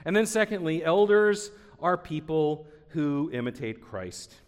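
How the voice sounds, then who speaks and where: A man's voice: a little high, expressive, a little slow. A man in his forties, a pastor, preaching an earnest sermon, often repeating himself and building to emphatic peaks. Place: church sanctuary. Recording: long church hall reverb.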